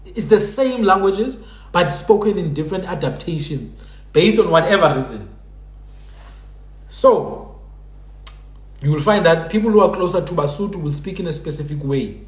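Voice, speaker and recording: A man's voice: high voice, lively intonation, normal speed, long pauses, roomy sound. A man hosting a live stream, explaining in a casual lecturing way and repeating sounds to demonstrate them. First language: Sephuthi.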